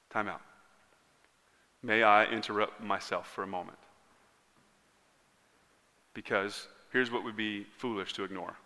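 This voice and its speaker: Bright-voiced preacher in a reverberant hall. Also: male voice, fairly low pitch. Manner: earnest preaching, swinging between loud emphatic lines and hushed ones. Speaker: pastor. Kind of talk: sermon. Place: church sanctuary. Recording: long reverb of a large hall.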